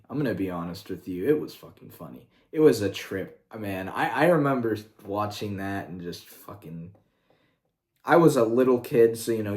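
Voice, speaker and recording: A man ranting casually as a video creator, excitable and profane, with quick asides. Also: on the low side. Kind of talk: casual rant. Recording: roomy echo.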